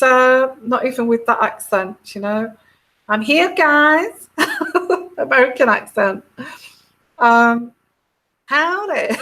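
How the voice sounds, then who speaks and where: Middle-aged lady chatting slow about her tarot readings, keeps giggling and restarting. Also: mid-range voice, fairly bright tone. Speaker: tarot reader. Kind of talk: casual monologue.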